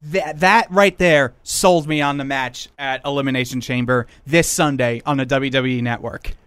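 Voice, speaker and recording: A man's voice: medium pitch, normal speed, fairly bright tone, clean tone, no echo. A man hosting a wrestling podcast, chatting casually and rambling with restarts. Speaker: podcast host.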